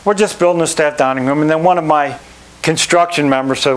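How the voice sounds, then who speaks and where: A middle-aged man, a club manager, telling lively anecdotes to an audience and acting out the people he quotes. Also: fairly high pitch, brisk. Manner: animated storyteller, acts out quoted people. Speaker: country club general manager.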